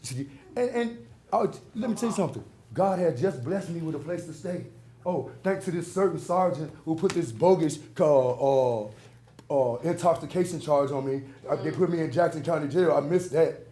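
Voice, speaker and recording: A man with a drawl pleads at a public meeting, his voice swelling with preacher-like rhythm and rhetorical questions. His voice sits a touch high for a man. The hall around him rings with echo. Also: animated, normal speed, mellow, slight background noise. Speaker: public commenter. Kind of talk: impassioned public comment. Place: large council chamber. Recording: echoey council chamber.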